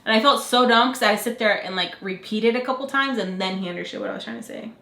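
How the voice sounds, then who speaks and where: A young woman vlogger telling a story to the camera in a chatty, animated way, full of fillers. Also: mid-range voice, quick pace, gravelly. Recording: echoey room.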